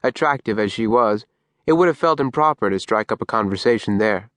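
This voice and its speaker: A man reading as a gentle, nonchalant older father. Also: on the low side, expressive, a little fast, no room sound, clean studio sound. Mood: reflective. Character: gentle older immigrant father recalling his courtship.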